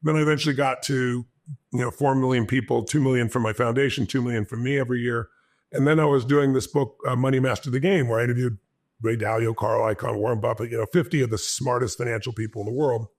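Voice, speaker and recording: A man, a guest on an interview show, telling a personal story with animated energy and acting out his own past lines. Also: mid-range voice, quick pace.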